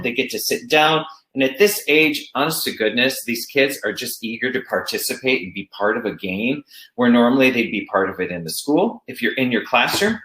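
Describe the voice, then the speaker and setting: Male music teacher presenting online, animated delivery, echoey room sound. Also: mid-range voice. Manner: explains classroom games, speaks chants in rhythm.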